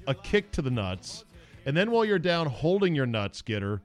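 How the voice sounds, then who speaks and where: A man's voice: a little high, big pitch swings, moderate pace, soft background music. A man hosting a podcast, talking casually in a blunt, crude, jokey way. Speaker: podcast host. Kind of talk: casual opinionated podcast talk.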